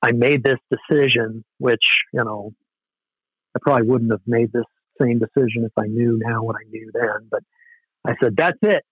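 A man's voice: mid-range voice, level tone, moderate pace, husky, no echo, phone-quality sound. A man, a former hardcore band musician, telling rambling, self-deprecating stories in a casual interview, with many "you know"s.

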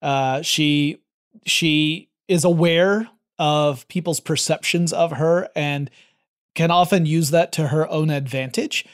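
A man's voice: fairly high pitch, fairly even intonation, slow. A man co-hosting a podcast, chatting casually and enthusiastically, with plenty of fillers. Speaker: podcast co-host. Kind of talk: casual chat.

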